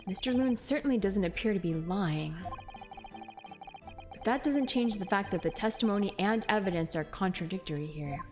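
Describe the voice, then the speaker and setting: A woman's voice: medium pitch, animated, soft background music, lightly acted. A woman reading a stern old judge. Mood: grave. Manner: formal, measured. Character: stern older male courtroom judge.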